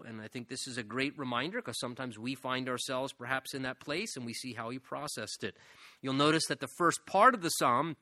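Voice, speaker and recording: A man preaching a sermon as a pastor, his bright, slightly high voice carrying an earnest tone that builds into fervent emphasis. The recording is dry and close. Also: no echo.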